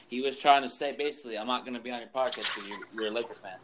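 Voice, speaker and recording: A man hosts a podcast and chats about sports in a loose, casual way. He tells his stories animatedly and acts out both sides of each exchange. His voice sits at a middling pitch, and clear background hiss and clicks run under the recording. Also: very fast. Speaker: podcast host.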